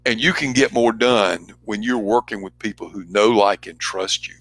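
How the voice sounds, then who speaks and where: A man speaking as a trainer, giving an earnest motivational talk with emphatic, shifting pace and loudness. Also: lowish voice, moderate pace, no room sound.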